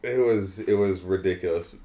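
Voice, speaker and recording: A man's voice: low-pitched, moderate pace, dark tone. A man co-hosting a podcast, animatedly retelling film scenes and acting out the quotes. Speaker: podcast co-host. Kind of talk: casual film-review chat. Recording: roomy echo.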